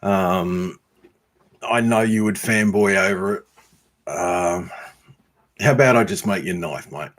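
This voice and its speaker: Aussie bloke, low voice, takes his time, chatting to viewers and ribbing them. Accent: Australian. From Australia. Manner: unhurried, frequent ums, teasing viewers by name. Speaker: YouTube homesteader and blacksmith answering viewer comments. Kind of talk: casual livestream chat.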